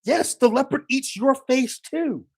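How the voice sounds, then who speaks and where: A man's voice: extremely high pitch, expressive, a little slow, darkish tone, husky. A man delivering a heated, profane political rant as a commentator, emphatic and angry throughout.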